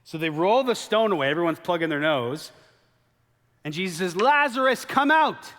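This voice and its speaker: A man preaching a sermon as a pastor, telling the story in a lively way and acting out the quoted lines. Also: a little high, moderate pace. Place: church sanctuary. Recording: long hall reverb.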